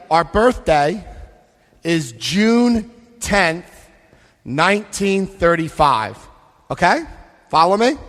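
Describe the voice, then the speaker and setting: A man giving a recovery talk at a convention, emphatic, repeating key phrases and asking the crowd questions. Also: high-pitched. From United States. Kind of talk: recovery talk with book reading. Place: convention hall. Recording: long hall reverb.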